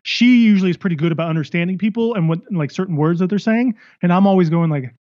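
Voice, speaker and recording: A man's voice: sits high, fast, darkish tone, dry recording, highs cut off. A man in casual chat, easygoing, laughing along and rambling as he explains.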